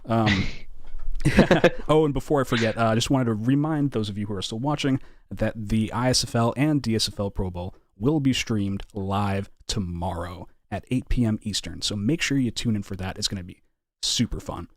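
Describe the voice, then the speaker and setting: A man hosting a live online draft stream, with relaxed, upbeat announcer patter. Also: lowish voice, a little fast, no room sound, studio quality. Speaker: draft host.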